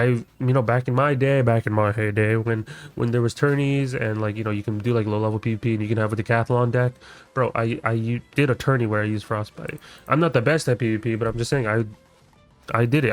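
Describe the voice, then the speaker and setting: A man giving casual gaming commentary as a YouTuber, loose and slangy with lots of fillers. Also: medium pitch.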